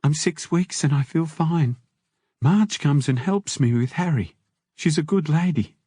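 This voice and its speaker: A man's voice: on the high side, a little slow, warm tone, breathy edge, no room sound, clean studio sound, pitched above the performer's own voice. Man putting on a worried young woman's voice. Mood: worried, tender. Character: pregnant young woman on a prison phone call.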